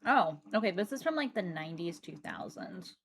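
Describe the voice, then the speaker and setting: A woman's voice: on the low side, expressive, moderate pace, creaky, a little hiss or hum. A woman streamer chatting casually with her viewers in a chatty, dry and matter-of-fact way. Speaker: livestreamer. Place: seated at a desk.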